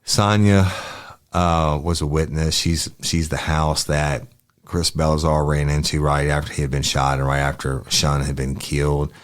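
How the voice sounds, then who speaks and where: A man's voice: extremely low pitch, completely flat delivery, no echo, studio quality. A man, a former detective hosting a podcast, reading case transcripts aloud in a matter-of-fact way. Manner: matter-of-fact, brisk asides.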